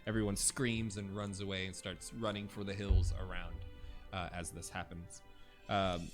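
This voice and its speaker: Halting low-voiced male game master. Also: little pitch movement, soft background music. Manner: halting, many fillers. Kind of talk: narrating a tabletop game.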